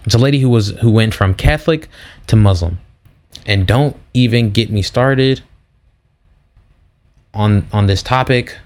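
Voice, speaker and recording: A young man hosting a faith podcast, telling stories in a casual, slangy, animated way. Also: lowish voice, measured pace, pauses often. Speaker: podcast host. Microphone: podcast mic.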